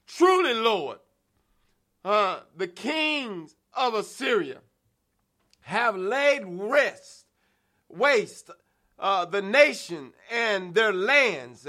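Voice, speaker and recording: Man preaching slow and fired up, really high voice, keeps repeating lines and restarting. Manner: impassioned, repetitive preaching with shouted refrains and many restarts. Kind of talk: sermon.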